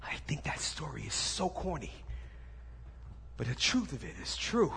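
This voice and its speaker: Animated pastor in an echoing hall. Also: male voice, on the high side, gravelly, whispered. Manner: animated storytelling, drops to soft, slow intensity. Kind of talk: sermon. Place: church sanctuary. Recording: echoey hall, faint room noise.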